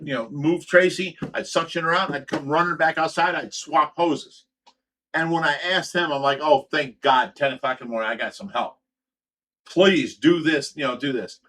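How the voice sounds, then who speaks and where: A man's voice: on the high side, pushed and bright. A man hosting a livestream, telling a story in a heated, profane way. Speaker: host. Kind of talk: livestream chat.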